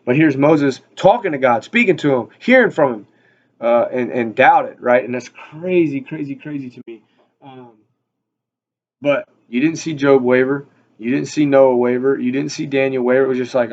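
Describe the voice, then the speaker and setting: A man's voice: medium pitch, moderate pace, dull audio. A man giving a casual, rambling Bible study talk, full of fillers and repeated words. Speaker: Bible teacher.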